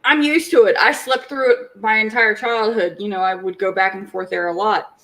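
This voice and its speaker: A woman in her forties, a podcast co-host, telling a family story in casual chat, animated and swearing freely. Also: mid-range voice, moderate pace, low-quality recording.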